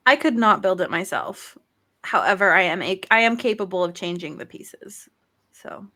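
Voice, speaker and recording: A woman's voice: mid-range voice, normal speed, pushed and bright. A woman co-hosting a podcast, talking casually and hesitantly with plenty of fillers. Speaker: podcast co-host. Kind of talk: casual chat.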